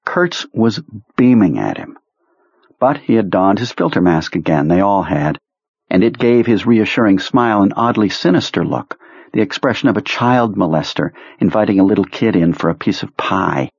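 A man reading a novel aloud as narrator, in a steady, measured voice. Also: fairly low pitch, vocal fry, slightly rough, no echo, muffled recording. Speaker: audiobook narrator. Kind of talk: scripted narration.

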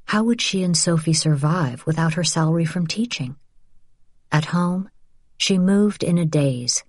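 A woman with a notably low voice reads an audiobook. Her narration is measured and even. The recording is dry and close, with no room sound. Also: no room sound. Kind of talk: scripted narration.

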